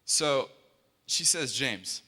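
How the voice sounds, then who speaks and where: An earnest young man preaches in a big, reverberant hall, his bright, forceful voice ringing out over a PA microphone. He talks conversationally and often stumbles and restarts mid-sentence. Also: mid-range voice, animated, very slow. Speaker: worship leader and guest speaker. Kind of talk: sermon. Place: large hall.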